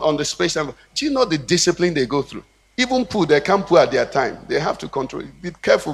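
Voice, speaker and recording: A man with a Nigerian English accent, a pastor preaching a sermon with a rhythmic cadence and call-and-response questions to the congregation. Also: fairly high pitch. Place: church hall. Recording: long reverb of a church hall.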